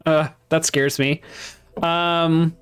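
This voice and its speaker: A man's voice: a little high, flat delivery, drawn-out words, fairly bright tone, smooth. Hesitant, laughing male book podcaster. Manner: hesitant, many ums, laughs often. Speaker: podcast co-host. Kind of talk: casual book discussion, reading passages aloud.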